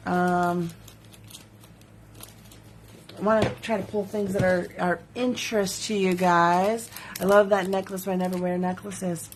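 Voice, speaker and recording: A woman's voice: lowish voice, level tone, a little slow, pauses often, slight background noise. A woman who makes jewelry, hosting a casual live sales stream from her studio. She chats, giggles and reads viewer comments aloud. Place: home studio.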